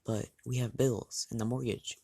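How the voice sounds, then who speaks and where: A man voicing an anxious, protective mother of a teenage boy in a read-aloud fan story, pleading and halting with restarts. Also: mid-range voice, flat delivery, vocal fry, darkish tone, no echo. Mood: worried.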